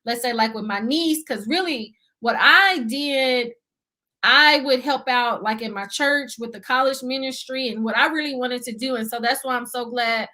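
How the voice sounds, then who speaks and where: A woman's voice: a little high, normal speed, bright, forceful tone. A young adult woman, a guest on an interview show, talking earnestly about budgeting in casual chat, full of fillers. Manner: earnest, talkative, many fillers and "you see what I'm saying".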